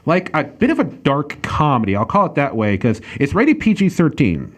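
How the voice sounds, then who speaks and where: A man's voice: on the high side, big pitch swings, normal speed. Guy rambling through a movie review on a podcast, ums and restarts everywhere. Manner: rambling, many fillers and restarts. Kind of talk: casual chat.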